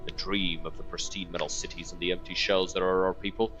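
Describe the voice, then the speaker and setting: A man's voice: deep voice, level tone, fairly quick, fairly bright tone, highs cut off, soft background music. A man voicing a forlorn, lost stranger with no name, in a solemn, plaintive reading.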